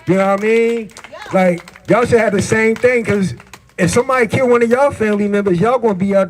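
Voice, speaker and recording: A man's voice: high-pitched, a little mellow. A man from New Jersey giving an emphatic protest speech at an outdoor street rally, picked up by a handheld camera mic. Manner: emphatic, street-talk, repeating questions. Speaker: rally speaker.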